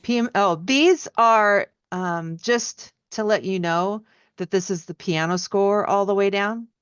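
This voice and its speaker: An encouraging woman teaches piano in a relaxed, patient way and often sings musical lines out in syllables. Her voice sits at a middle pitch. The recording is dry and a little dull, like lo-fi audio. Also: unhurried, smooth, no echo. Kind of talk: friendly teaching feedback.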